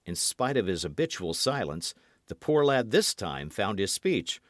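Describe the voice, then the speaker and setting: Expressive male audiobook narrator. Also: on the low side, unhurried, dry recording, clean studio sound. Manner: expressive storytelling. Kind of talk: scripted narration.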